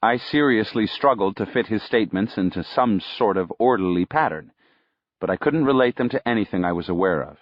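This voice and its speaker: A man narrating an audiobook in the first person, in a steady storytelling way. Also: lowish voice, a little fast, no echo. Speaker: audiobook reader. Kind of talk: scripted narration. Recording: dull, dry lo-fi recording.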